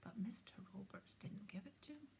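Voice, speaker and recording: A woman reading an audiobook in a soft, hushed, breathy whisper. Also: medium pitch, expressive, a little fast. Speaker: audiobook reader.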